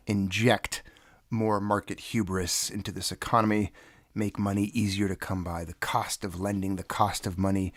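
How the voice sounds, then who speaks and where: A man hosts a casual livestream chat in a low, gravelly voice, sounding stuffed up from congestion. He rambles along and greets the viewers in the chat one by one. The recording is close and dry. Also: fairly bright tone, dry recording. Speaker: livestream host.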